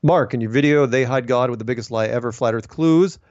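A man's voice: mid-range voice, a little fast, darkish tone, no echo. Guy going thru viewer emails, chatty and opinionated, restarts a lot, dull lo-fi sound. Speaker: host answering viewer mail. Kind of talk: casual monologue, reading emails aloud.

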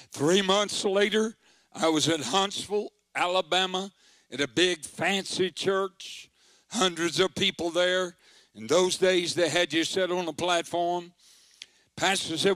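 An older man preaches a story-driven sermon in a folksy, dramatic manner that builds to forceful proclaiming. His voice sits a bit higher than most men's. The sound is dry and close, with little room echo. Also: a little slow. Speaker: pastor.

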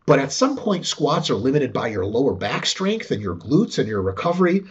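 Husky, animated man swearing freely. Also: medium pitch, moderate pace. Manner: profane, animated, acts out quotes. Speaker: guest expert. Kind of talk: casual explanatory chat. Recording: dull lo-fi sound.

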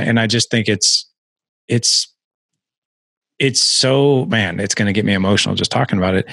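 A male podcast host speaking in an emotional, halting way, with many restarts. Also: fairly low pitch, a bit bright, dry recording. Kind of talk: podcast interview.

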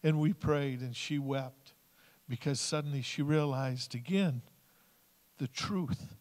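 A man's voice: medium pitch, slow, darkish tone. A man sharing stories in a church service in an earnest way, retelling phone calls and what people said to him. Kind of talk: storytelling sermon. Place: church sanctuary. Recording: long hall reverb.

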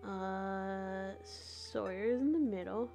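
A young woman streamer chatting through a game with frequent giggles. She reads the game text aloud at a middling pitch, with faint music playing behind her. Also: very slow, creaky. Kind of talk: live game commentary.

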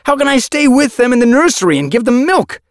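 A man voicing a hurt, angry young tom cat warrior with a sharp, accusing manner. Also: very high voice, sing-song, quick pace, dry recording, clean studio sound, voice pushed up. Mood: dangerous.

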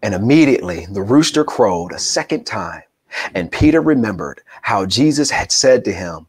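A man's voice: on the low side, very animated, normal speed, a little mellow, breathy edge. A man preaching a sermon in church, who tells stories with animation and acts out the quoted voices. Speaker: pastor.

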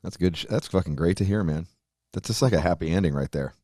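A man's voice: deep voice, fast talker, mellow, dry recording, studio quality. A man hosting a casual podcast, who reacts with enthusiasm and swears freely. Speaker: podcast host. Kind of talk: casual chat.

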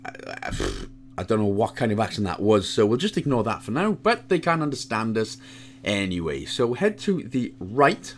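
Lively, joking man narrating a game guide. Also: normal speed, a little hiss or hum. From Wales. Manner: chatty, jokey asides, lively pitch swings. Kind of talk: casual walkthrough commentary.

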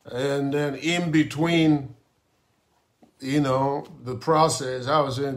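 A male pastor preaching a sermon and telling a personal testimony in a slow, dramatic storytelling manner. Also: mid-range voice, fairly even intonation. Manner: slow, dramatic storytelling with grumbling asides and laughs.

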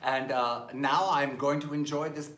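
A man's voice: mid-range voice, steady tone, a little slow, fairly bright tone, echoey room. A man in his fifties from Maryland with a Southern accent, hosting a campy cabaret show with languid, theatrical patter, calling everyone darling. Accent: Southern American. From Maryland, USA. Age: 50s. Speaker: cabaret host. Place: home during lockdown livestream.

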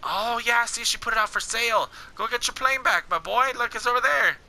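A young man giving casual, excitable gameplay commentary, talking at the game characters in slangy speech. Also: extremely high pitch, brisk, creaky, rough recording. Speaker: gaming channel host.

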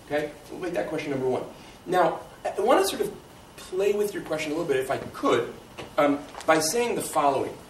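A man's voice: fairly high pitch, very animated, fairly quick. A man giving a lecture and answering audience questions, thinking aloud in a conversational way and often checking in with "right?". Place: lecture room. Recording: echoey room, distant mic, faint hiss.

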